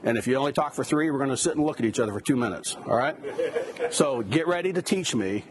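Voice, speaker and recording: A man's voice: medium pitch, lively intonation, fast talker, noisy background. Man lecturing on biblical counseling. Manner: conversational teaching with asides and rhetorical questions. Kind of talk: classroom lecture.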